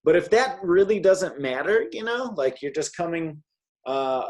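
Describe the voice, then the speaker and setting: A man's voice: a little high, expressive, normal speed, background noise. A man teaching a one-on-one English grammar lesson, patient and often checking in with "okay?".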